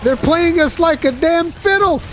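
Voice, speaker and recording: A man's voice: very high-pitched, a little slow, slight background noise, voice pushed up. A man voicing a fed-up male ice wyvern who complains in a raised voice. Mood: complaining. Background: game music.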